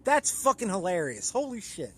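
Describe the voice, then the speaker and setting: A man hosting a casual podcast, swearing freely and quick to agree with his guest. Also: sits high, wildly swooping pitch, fairly bright tone, breathy edge. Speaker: podcast host. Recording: noticeable background noise.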